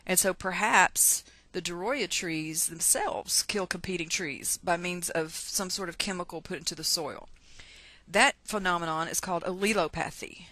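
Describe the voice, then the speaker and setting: A woman's voice: fairly low pitch, moderate pace, pushed and bright, dry recording. A middle-aged woman with a Texan twang, teaching science in a chatty, self-deprecating screencast lecture.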